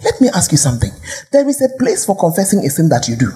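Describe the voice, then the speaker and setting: A woman's voice: lowish voice, very animated, fast, dark tone. A woman pastor with a Ghanaian accent preaching a sermon, firing rhetorical questions and sometimes dropping to a whisper.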